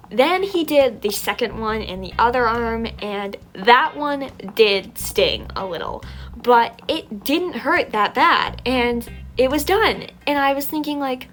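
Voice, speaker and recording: A young adult woman telling a story from her childhood in an animated, chatty, self-mocking way, while still a little sick. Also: on the high side, measured pace, soft background music. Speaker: storytime vlogger. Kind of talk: casual storytelling.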